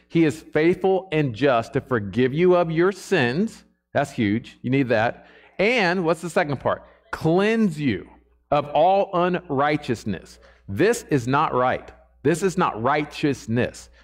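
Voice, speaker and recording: A man's voice: mid-range voice, animated, unhurried. A man preaching a sermon to a church congregation in a conversational way, often checking in with the listeners.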